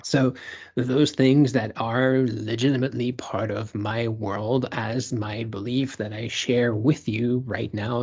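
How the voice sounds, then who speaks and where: A man's voice: mid-range voice, darkish tone, slightly rough, lo-fi sound. A man lecturing over slides in a discursive way, with fillers and restarts.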